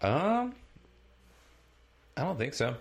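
A man's voice: fairly high pitch, very animated, slow pace, vocal fry. A man in a casual chat who asks questions and hesitates as he speaks.

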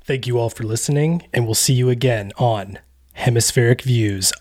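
A man's voice: medium pitch, moderate pace, a little mellow, close to an everyday voice. A man with an American accent voicing a dramatic nineties movie-trailer announcer.

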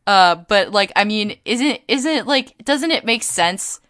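A woman's voice: mid-range voice, lively intonation, slow pace, fairly bright tone, dry recording. A woman co-hosting a podcast in casual chat, rambling with plenty of fillers. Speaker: podcast co-host.

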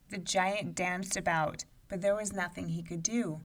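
Slow-paced woman reading a story aloud. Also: fairly low pitch, far from the mic. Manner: expressive, measured storytelling. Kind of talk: read-aloud storybook narration.

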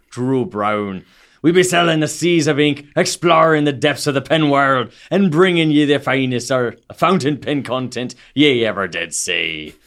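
A man's voice: mid-range voice, a bit bright. A man voicing a swaggering Caribbean pirate captain, reading it hearty and cold off the page.

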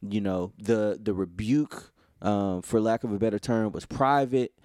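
A man's voice: fairly low pitch, measured pace, a little mellow, no room sound, clean studio sound. A man co-hosting a podcast, talking casually and rambling with lots of "you know" fillers. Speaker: podcast co-host. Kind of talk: casual conversation.

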